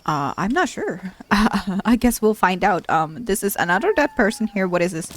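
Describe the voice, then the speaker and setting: A woman's voice: medium pitch, big pitch swings, normal speed. A woman hosting a let's play who gives casual, chatty commentary and repeats exclamations when something startles her.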